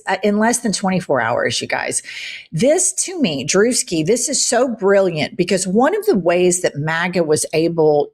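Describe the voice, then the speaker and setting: A woman with a fairly low voice hosts a political commentary show. She talks bluntly and with heat, swearing freely and hitting her points hard. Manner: blunt, profane and emphatic.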